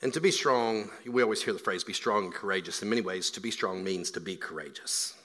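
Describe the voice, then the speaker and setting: A man preaching a sermon as a pastor, swinging from hushed, quiet lines to loud, emphatic build-ups. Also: lowish voice, brisk. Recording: long hall reverb.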